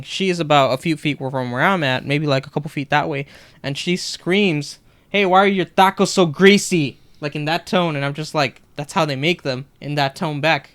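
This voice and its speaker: Young male podcast co-host, animated storyteller, clean resonant voice. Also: on the high side, clean tone. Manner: animated, acts out customers' lines in retelling. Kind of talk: casual storytelling chat.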